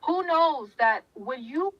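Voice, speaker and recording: A woman's voice: sits high, expressive, slow, very noisy. A woman talking to her viewers in a fiery, preachy way, firing off repeated questions. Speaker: commentator. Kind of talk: impassioned talk to viewers. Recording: muffled lo-fi audio.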